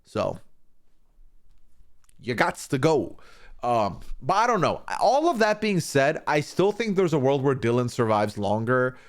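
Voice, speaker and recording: A man's voice: medium pitch, measured pace. A man streaming a casual, opinionated recap of a reality show, swearing freely and acting out what people said. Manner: animated, swearing, acting out quoted lines.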